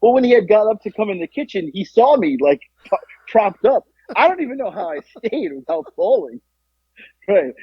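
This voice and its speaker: Lively, husky-voiced man telling a story. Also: moderate pace, dry recording. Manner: animated, acts out quotes with jumps in pitch. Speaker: podcast co-host. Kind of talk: casual storytelling. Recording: dull lo-fi, dry.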